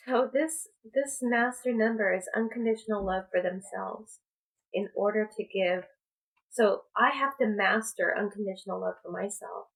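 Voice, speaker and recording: A woman speaking as a spiritual coach in a personal vlog, talking in a slow, halting, reflective way. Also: mid-range voice, gravelly, poor audio. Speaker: spiritual coach and tarot reader.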